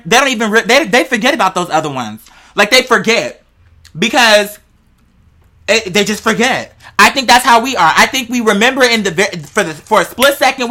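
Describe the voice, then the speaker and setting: A podcast host in casual chat, rambling through wild theories in a slangy, profane, animated way and talking straight to listeners. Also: mid-range voice.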